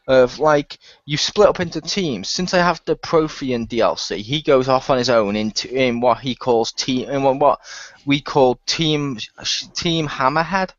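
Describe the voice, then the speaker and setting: A man hosting a gaming podcast in casual chat, telling a long story in a rambling, animated way with frequent laughs. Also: medium pitch, dry recording. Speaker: podcast host. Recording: muffled lo-fi dry recording.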